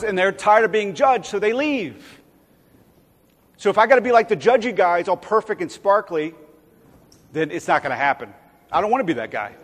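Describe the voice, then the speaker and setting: A man's voice: sits high, lively intonation, moderate pace, a bit bright. A man preaching a sermon in a conversational way, acting out quoted voices now and then. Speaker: pastor. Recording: long hall reverb.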